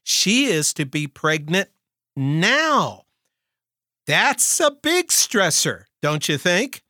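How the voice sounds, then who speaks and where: A man preaching a sermon. He reads scripture aloud in a measured way and stresses his points with rhetorical questions. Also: high-pitched, sing-song, bright, forceful tone, no room sound, clean studio sound.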